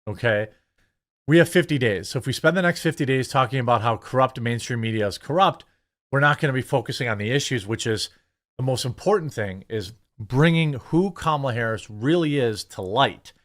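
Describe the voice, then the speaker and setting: A man's voice: mid-range voice, normal speed. Sarcastic man doing casual political commentary. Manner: animated, sarcastic, lots of fillers. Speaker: political commentator, channel host.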